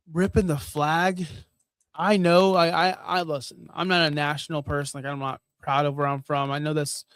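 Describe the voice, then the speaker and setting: A man's voice: fairly high pitch, smooth, no echo. A man co-hosting a wrestling podcast, laid-back and joking, swearing and calling people brother. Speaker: podcast co-host. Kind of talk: casual wrestling podcast chat.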